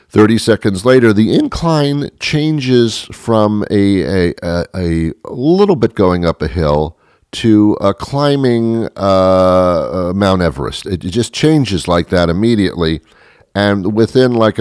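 A man's voice: on the low side, unhurried, dry recording, studio quality. A man telling a rambling, exaggerated comic story about himself, acting out the lines of the people in it. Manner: rambling, exaggerated, animated retelling with acted quotes.

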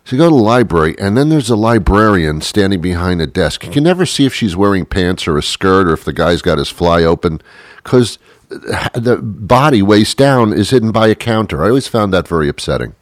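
A man with a low voice delivers a rambling, sarcastic comedic monologue. His pitch swings widely as he mocks and acts out bits. The sound is dry and close. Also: lively intonation, brisk, no echo.

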